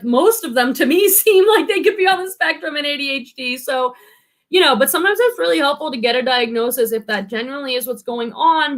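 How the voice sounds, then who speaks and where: A woman in her thirties, an online reseller, hosts a live stream where she reads viewers' comments aloud. Her high, slightly bright voice carries bubbly, rambling chatter full of "like," "um," and quick, frequent laughs.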